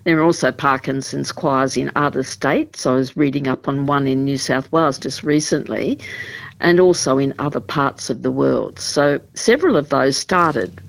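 Woman, community group rep, steady and explanatory, thinks aloud with ums. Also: very deep voice, gravelly, dry recording, poor audio. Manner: measured, explanatory, with frequent ums and restarts. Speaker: support group representative. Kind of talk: radio interview.

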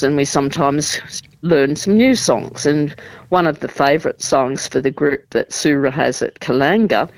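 A woman, a support group representative explaining things in a measured way during a radio interview, with frequent ums and restarts. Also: low-pitched, darkish tone, dry recording, low-quality recording.

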